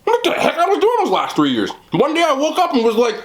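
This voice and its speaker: A man hosting a mukbang, chatting casually while eating, talking in an animated way with loud bursts. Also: extremely high pitch, fast talker, hardly any pauses, a little hiss or hum. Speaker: mukbang host.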